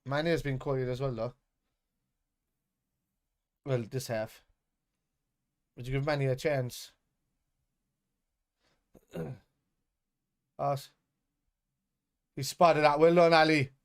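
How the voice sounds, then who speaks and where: A man streaming a live watch-along of a football match, reacting with excitable, sweary outbursts. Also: medium pitch, drawn-out words, long pauses.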